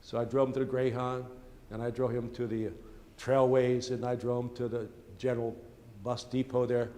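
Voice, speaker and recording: A man's voice: medium pitch, level tone, normal speed, warm tone. An older man, a priest, telling a long personal story during a sermon in a folksy, chatty way, with asides to the congregation. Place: church. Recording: church hall reverb with faint ambience.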